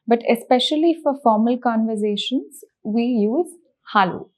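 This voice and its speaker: A woman's voice: a little high, moderate pace, a little mellow. A woman teaching a language lesson, patiently repeating words and breaking them into syllables. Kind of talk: slow spoken language lesson.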